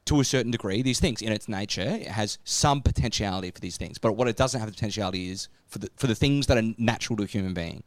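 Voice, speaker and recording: A man's voice: fairly low pitch, fast, few pauses, no echo. A man co-hosting a podcast, explaining ideas in casual chat, with many "like"s and "right?"s. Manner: explanatory, filler-heavy, says "like" and "right?" often. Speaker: podcast co-host explaining catechism. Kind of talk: casual discussion.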